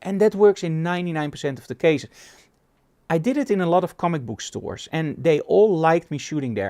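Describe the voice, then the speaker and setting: Teaching photography, this middle-aged Dutchman talks fairly fast in a voice that leans high. He's a lively storyteller who plays out short exchanges between characters.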